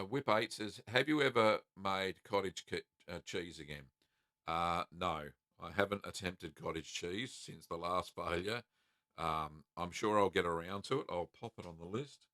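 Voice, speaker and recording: A middle-aged Australian man from South Australia, low-voiced, hosts a live cheese-making Q&A, reading viewer comments in a relaxed, friendly, casual way with many ums and uhs. The recording is dry and studio quality.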